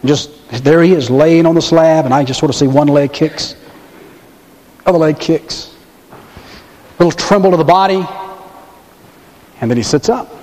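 Male pastor, sermon delivery, dramatic slow-downs, reverberant hall sound. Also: on the high side, a little mellow. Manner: dramatic storytelling, pauses and slows for emphasis.

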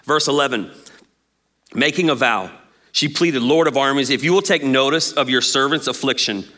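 Pastor guy in his 30s preaching, jokey and lively, bright voice, acts out the lines. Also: medium pitch, moderate pace. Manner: animated, jokey, acts out quotes. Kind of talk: sermon.

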